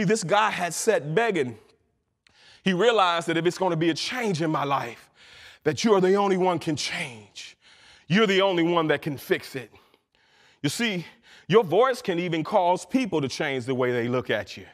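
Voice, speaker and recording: Fervent high-voiced preaching man in a hall. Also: animated. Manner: fervent preaching, rising to shouts with drawn-out phrases. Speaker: minister. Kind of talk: sermon. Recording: long reverb of a church hall.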